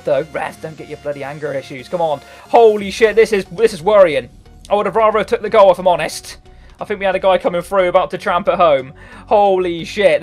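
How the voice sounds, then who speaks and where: A man in his twenties giving excitable live gameplay commentary, swearing often and bursting into shouts. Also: high-pitched. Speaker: gaming YouTuber. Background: faint background music.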